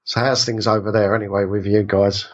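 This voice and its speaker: British man with a husky cold. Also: on the low side, flat delivery, brisk, lo-fi sound. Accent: British English. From England. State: has a cold. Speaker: podcast guest. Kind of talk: casual chat.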